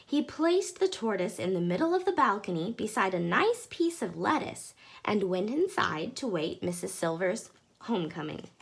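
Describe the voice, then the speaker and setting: Expressive woman reading a children's story. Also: mid-range voice, moderate pace, vocal fry, slightly rough. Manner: lively, expressive. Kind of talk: reading a children's book aloud.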